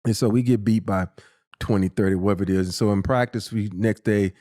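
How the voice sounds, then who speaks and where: A man in his fifties, a former basketball player and podcast guest, telling a profane, animated story and acting out what people said. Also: fairly low pitch, a little fast. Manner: animated, profane, acts out quotes in a raised voice. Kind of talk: casual storytelling.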